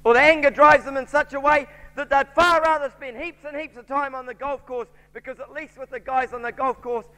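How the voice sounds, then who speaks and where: A man's voice: extremely high pitch, fairly even intonation, fairly quick, few pauses, pushed and bright. A man with a New Zealand accent preaching a sermon, telling a story and voicing its characters. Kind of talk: sermon with anecdote. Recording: church hall reverb.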